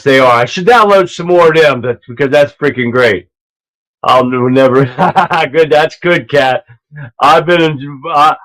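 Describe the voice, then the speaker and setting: Loud, rambling livestream host, man. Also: on the high side, low-quality recording. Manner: loud, rambling, laughs at his own clips. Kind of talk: casual livestream commentary. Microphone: earpiece mic.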